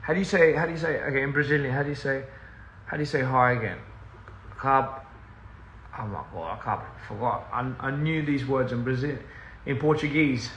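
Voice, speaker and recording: A man talking loosely to his viewers over a phone livestream, drifting off topic and laughing at himself as he switches between English and Korean. His voice is bright with a gravelly edge. The sound is roomy and echoey, with a faint hum of ambience behind him. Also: mid-range voice, fairly quick. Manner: rambling, easily sidetracked, laughs often; mixes in Korean and scraps of other languages. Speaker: recording artist on a livestream. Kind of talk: casual livestream chat with viewers. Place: in a house.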